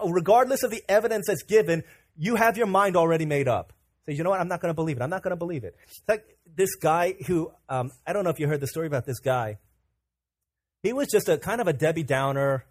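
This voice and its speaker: A young man preaching a sermon, animated and casual, who tells stories and acts out the voices of the people in them. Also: high-pitched, fairly quick. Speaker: pastor.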